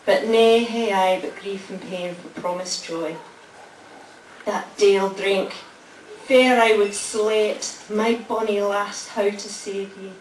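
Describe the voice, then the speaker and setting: A woman hosts a library event and reads a poem aloud. She talks quickly and warmly, then slows into a measured recitation. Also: mid-range voice, steady tone, far from the mic, a little hiss or hum. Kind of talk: live public poetry reading and thanks. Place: library hall at a lunchtime public event. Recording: echoey hall, voice from afar.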